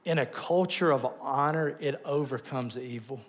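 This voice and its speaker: A man preaching a sermon, telling stories with lively swings between loud bursts and soft asides. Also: medium pitch, moderate pace. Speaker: pastor.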